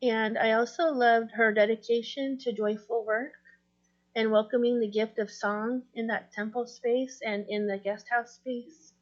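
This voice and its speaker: A woman giving a memorial tribute over a video call, speaking gently with pauses and restarts. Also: a little high, fairly even intonation, lo-fi sound. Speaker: mourner giving a eulogy.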